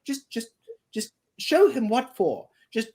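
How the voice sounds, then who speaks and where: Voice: mid-range voice, sing-song, takes it slowly, a little mellow, pitched above the performer's own voice. A livestreamer voicing a caring but bossy female vehicle who coaches a friend. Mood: urging. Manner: urgent, coaching.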